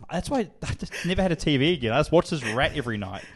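A young-sounding man co-hosting a podcast, telling a crude, swear-filled story and laughing as he goes. His voice sits a little high and jumps all over the place. He talks fast. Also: animated, husky. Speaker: podcast co-host. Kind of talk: casual storytelling chat.

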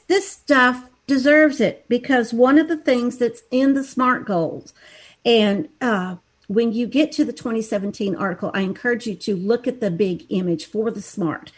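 A woman's voice: a little high, husky. Woman, sarcastic, explaining, talk show guest, remote call. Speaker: guest education critic. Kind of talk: political talk show discussion.

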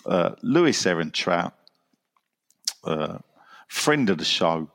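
Deep-voiced man with dry wit. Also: big pitch swings, takes it slowly, creaky, a bit bright. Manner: dry and wry, laughs at his own jokes. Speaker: podcast host reading listener messages. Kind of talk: casual football podcast chat.

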